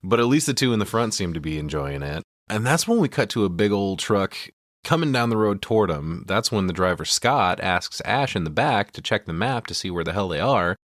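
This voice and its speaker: A man's voice: fairly low pitch, a little fast, dry recording, clean studio sound. A man hosting a podcast, casually retelling a film's scenes with lots of swearing and quoted lines. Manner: profane, animated retelling with quoted character lines. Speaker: podcast host. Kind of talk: casual movie recap chat.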